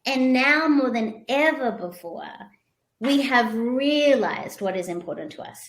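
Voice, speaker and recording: A woman guest on a podcast, telling stories in a lively, expressive way. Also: on the high side, measured pace, echoey room. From moved to the US from abroad. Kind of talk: storytelling interview talk.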